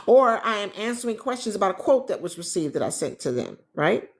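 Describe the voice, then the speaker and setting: Retired woman as a chatty livestream host, talking straight to her viewers, mid-pitched voice. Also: sing-song, brisk. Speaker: travel agent business coach, livestream host. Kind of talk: casual livestream chat reading viewer comments. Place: living room, on a recliner.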